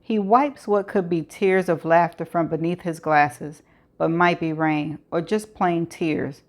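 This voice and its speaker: A woman reading a thriller novel aloud in steady narration with occasional stumbles and restarts. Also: lowish voice, measured pace. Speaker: audiobook reader.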